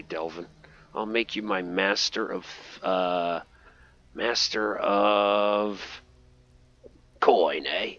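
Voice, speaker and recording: A man's voice: lowish voice, bright, forceful tone, no room sound, dull audio. A man doing jokey playthrough commentary, talking back to game characters. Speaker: gaming host.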